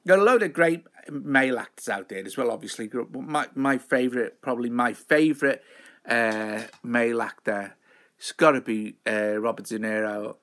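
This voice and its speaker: A man's voice: mid-range voice, normal speed, a bit bright. A man hosting a live show, chatting in a rambling, self-mocking way. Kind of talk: casual live-stream chat.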